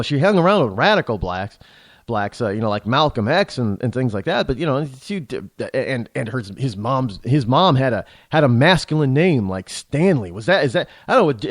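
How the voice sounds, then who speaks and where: A man's voice: mid-range voice, no room sound. A man hosting a talk show, delivering a rambling, indignant political commentary monologue full of restarts and repeated words.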